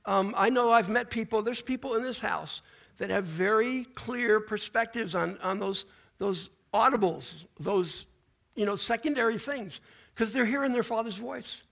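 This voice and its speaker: Male pastor, high voice, gravelly, casual sermon with restarts. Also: moderate pace, a bit bright. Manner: informal preaching with restarts and folksy asides. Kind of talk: conversational sermon.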